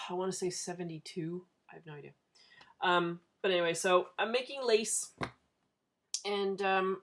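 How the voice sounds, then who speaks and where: A vlogger in her thirties, with a mid-range and fairly bright voice, chats casually to the camera for her video diary. She rambles from one topic to the next and laughs often.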